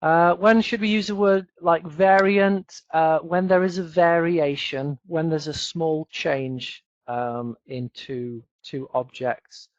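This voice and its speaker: A British man teaching English in an online webinar, relaxed and chatty, with many ums and uhs. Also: on the high side, slow pace, hardly any pauses, no echo, lo-fi sound. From United Kingdom. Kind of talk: webinar lesson.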